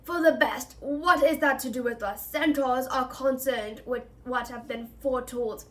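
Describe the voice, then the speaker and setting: A proud male centaur thunders and scolds in scorn, as a woman reader puts him on. The voice rides above her own, raised and loud. It is a storybook reading. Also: high-pitched, a little slow, recorded from a distance. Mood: scornful.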